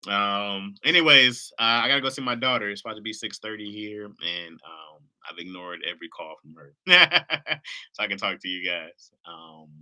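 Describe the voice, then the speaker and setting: Young adult man, livestream host: very bright tone, casual rambling, sniffly and teary, swears freely. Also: fairly low pitch, lively intonation, normal speed. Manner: laid-back, rambling, cusses freely.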